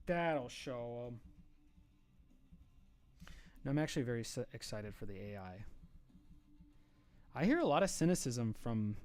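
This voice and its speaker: A man's voice: medium pitch, vocal fry, a little mellow. A man casually chatting and joking on his live stream while he draws, sometimes reading news headlines aloud. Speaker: streamer and cartoon creator.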